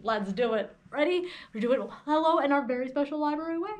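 A young woman, a children's librarian, leading a kindergarten lesson in a cheerful sing-song teacher voice with playful pitch games. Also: animated, fast talker, hardly any pauses. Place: library program recording.

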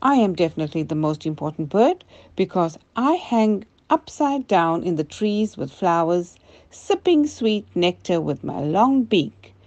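A woman's voice: on the low side, very animated, a little slow, a little mellow, lo-fi sound. An older woman voicing a vain, pretty female honey eater bird in a storybook tale for children.

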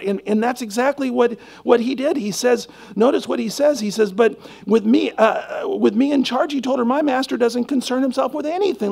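A male pastor delivers an earnest, emphatic sermon, pressing rhetorical questions on his congregation. His voice sits fairly high and is heavily gravelly with a husky edge. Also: darkish tone.

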